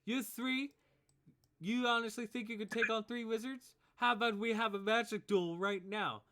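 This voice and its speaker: A man voicing a rowdy teenage boy bully from a rival magic school, loud and taunting. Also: medium pitch, normal speed, natural voice.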